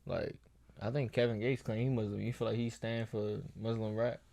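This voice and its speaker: Low gravelly man asking curious questions. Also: flat delivery, normal speed, mellow. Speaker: podcast co-host. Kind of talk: casual podcast chat.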